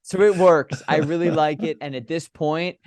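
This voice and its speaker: A young man, a baseball broadcaster, telling stories in a casual podcast interview and breaking into big, animated play calls. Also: normal speed, no room sound. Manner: animated, acts out his home run calls with big pitch jumps.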